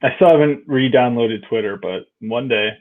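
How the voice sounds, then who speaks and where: A sarcastic man guest chats on a podcast and throws out mock threats. His voice is mid-pitched, and it comes through a tinny, phone-like line. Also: normal speed. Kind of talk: casual chat.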